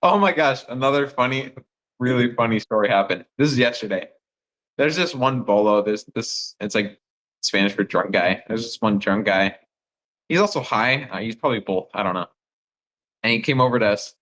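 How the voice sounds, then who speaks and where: A young man, a missionary phoning home, telling rambling, excitable stories full of fillers. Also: mid-range voice, normal speed, rough recording. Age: young adult. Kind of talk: casual phone chat with family.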